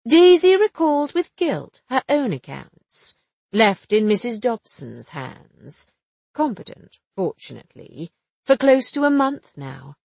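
A woman reads the narration of a novel in an expressive storytelling manner. Her breathy, slightly high voice moves over a very wide pitch range, and the recording is close and dry. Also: unhurried, dry recording. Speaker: audiobook narrator. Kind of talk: scripted narration.

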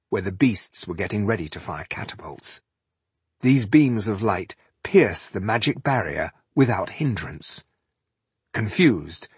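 A man narrating a fantasy novel as an audiobook in a steady, measured storytelling manner. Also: lowish voice, breathy edge, no echo.

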